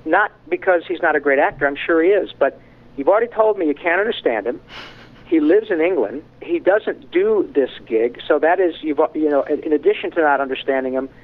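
A man in a casual interview, a voice actor guest who tells animated stories with frank, candid asides. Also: on the high side, fairly quick. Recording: tinny phone-line sound.

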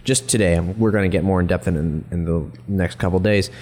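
A man with a slightly low voice chats loosely in a casual gaming podcast. He stumbles and restarts often, filling gaps with "uh" and "um". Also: fairly even intonation, brisk, darkish tone. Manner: chatty, many restarts and fillers. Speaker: podcast co-host. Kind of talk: casual chat.

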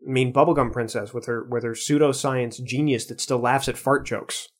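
Male podcast host, animated casual talk, drawn-out emphasis. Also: medium pitch. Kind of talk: casual chat.

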